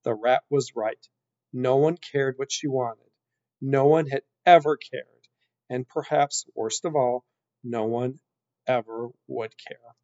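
A man reading a children's book aloud in an expressive, unhurried storytelling manner. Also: medium pitch, dry recording. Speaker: story reader. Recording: dull lo-fi recording.

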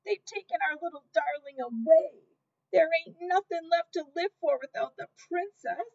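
A woman's voice: very high-pitched, moderate pace, a little mellow, pitched above the performer's own voice. A woman reading an audiobook and voicing a fierce castle cook who talks in a dramatic, wailing way. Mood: grieving. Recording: dull lo-fi audio.

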